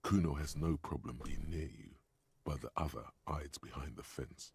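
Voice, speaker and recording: A man voicing the inner voice of a game hero's mind, speaking in measured second-person advice and warnings. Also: extremely low pitch, gravelly, slightly rough, heavily acted. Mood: ominous advising.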